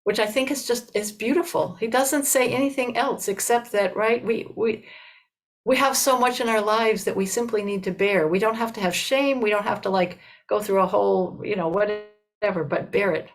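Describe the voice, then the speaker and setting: An older woman giving a Buddhist dharma talk, telling a story in an unhurried, conversational way with many "you know"s and restarts. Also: mid-range voice, low-quality recording.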